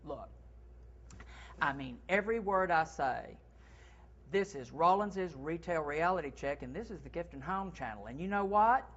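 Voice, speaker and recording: A man who is a retail consultant, hosting a segment with sales tips in a playful, animated way. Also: fairly high pitch, moderate pace, muffled recording. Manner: playful, animated, acts out sample phrases. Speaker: segment host.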